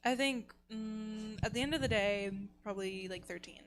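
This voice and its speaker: A woman on a live comedy panel making dry, unhurried quips. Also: mid-range voice, fairly bright tone, a little hiss or hum.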